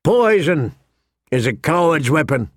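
A man voices a furious middle-aged king who bellows and chokes with rage, in a sullen mood. The exaggerated voice sits a little high, above his own natural pitch, with big pitch swings and a slightly slow pace, recorded dry in studio quality.

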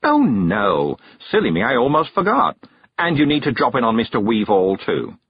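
A man's voice: mid-range voice, wildly swooping pitch, normal speed, slightly rough, dull audio, voice pushed up. A man voicing a kindly, fussy woman witch who chatters politely, in a storybook reading.

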